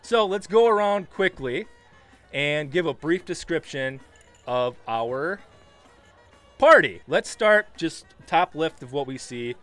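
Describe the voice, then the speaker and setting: A man narrating a tabletop game as dungeon master, in a lively, casual way. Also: a little high, slow pace, faint music behind.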